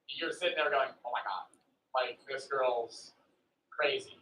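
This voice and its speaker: A man's voice: medium pitch, takes it slowly, pushed and bright, slight background noise. Distant, echoey man retelling a story. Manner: loose, profane retelling with "like" fillers. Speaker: friend telling a story on stream. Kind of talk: casual storytelling. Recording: echoey room, away from the mic.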